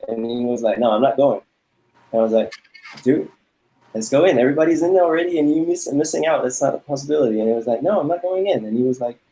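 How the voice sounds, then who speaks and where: Man telling a halting story. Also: medium pitch, darkish tone, poor audio. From Germany. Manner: halting, repeats words, laughs often. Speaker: panel guest. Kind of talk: casual storytelling chat.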